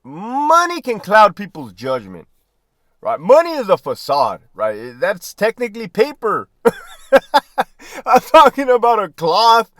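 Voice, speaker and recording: A middle-aged man holds forth in a casual, profane monologue, swearing freely and breaking into laughter often. His voice sits high and swings widely in pitch. The recording is dry and close, with no room sound. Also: a bit bright, no echo. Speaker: podcast host, former prison guard and army veteran.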